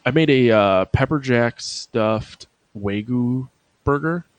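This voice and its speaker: A man's voice: mid-range voice, takes it slowly, no echo. A man co-hosting a podcast, laid-back and casually profane. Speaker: podcast co-host. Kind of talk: casual chat.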